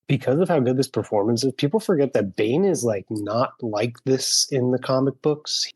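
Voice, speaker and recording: A man's voice: medium pitch, dry recording, low-quality recording. A man co-hosting a movie podcast, enthusiastic and acting out scenes as he talks. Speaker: podcast co-host. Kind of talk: casual movie-discussion chat.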